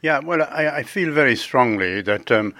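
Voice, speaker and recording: An older man, a judge answering interview questions in a formal, earnest, measured way. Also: medium pitch, expressive, bright, forceful tone, no room sound. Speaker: presiding judge.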